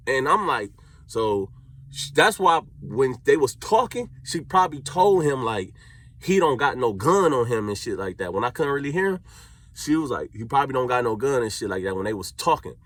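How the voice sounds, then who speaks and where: A man's voice: medium pitch, normal speed. A young man with a Cleveland accent telling a story in casual street slang, acting out what people said. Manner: animated street slang storytelling, acts out quotes.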